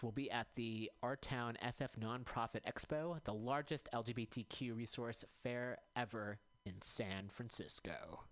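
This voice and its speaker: A man hosting a community radio show, reading out upcoming events in a casual way and pausing to check details. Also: mid-range voice, a bit bright, dry recording, poor audio. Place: radio studio.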